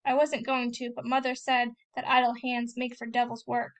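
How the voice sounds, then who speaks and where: A woman with a high voice reads a first-person novel aloud. Her narration is plain and steady. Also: normal speed. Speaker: reader.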